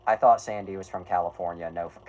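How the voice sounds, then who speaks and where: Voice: deep voice, fairly even intonation, fast talker, a little mellow, low-quality recording. A streamer reading an article aloud to chat with sarcastic, self-deprecating asides, often breaking off and restarting with "anyway".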